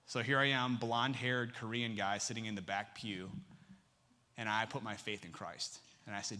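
Young guy preaching, bright forward voice, tells stories and acts out all the dialogue. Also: fairly even intonation, normal speed. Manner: storytelling, acting out dialogue with big pitch jumps. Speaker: campus missionary preaching. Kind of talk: sermon.

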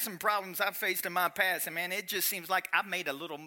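A man preaching a sermon as pastor, emphatic and animated, acting out quotes with dramatic pauses. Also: sits high.

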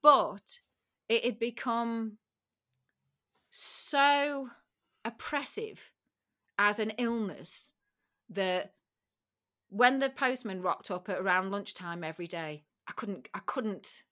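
Bright-voiced woman, frank and emotional. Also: mid-range voice, animated, slow pace, pauses often. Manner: frank, emotional recounting with repeated phrases. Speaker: podcast guest. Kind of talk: candid personal interview.

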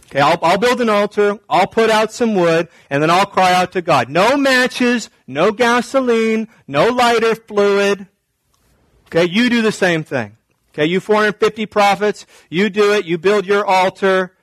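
Sarcastic taunting prophet, high voice, dry sound, put on by a preacher in his sermon. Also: unhurried, fairly bright tone, no echo, rough recording. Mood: defiant. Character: bold mocking male prophet taunting rivals.

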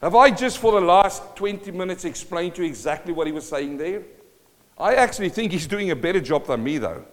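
A man preaching a sermon, emphatic, swinging between loud and quiet, reading scripture slowly and deliberately. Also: high voice, expressive. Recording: long hall reverb.

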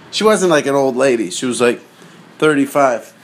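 A man's voice: mid-range voice, animated, moderate pace. A man hosting a podcast, talking in a chatty, digressive way and often cutting himself off while he sits in a car. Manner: chatty, digressive, self-interrupting. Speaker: podcast host. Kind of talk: casual rambling monologue.

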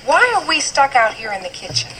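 An actress playing a bored sitcom wife who complains about being stuck in the kitchen. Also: female voice, high-pitched, very animated, fairly quick. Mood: fed up. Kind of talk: sitcom acting. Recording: hissy old TV audio.

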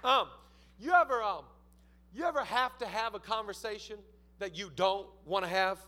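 High, bright-voiced animated male pastor. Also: moderate pace. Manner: animated storytelling, acts out voices. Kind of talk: sermon.

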